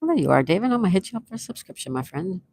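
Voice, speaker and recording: A woman's voice: fairly low pitch, very animated, very fast, a little mellow, slightly rough, no echo. A woman with a Buffalo, New York accent hosting a casual live stream, chatting and reading viewers' comments aloud before answering them. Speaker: livestream host.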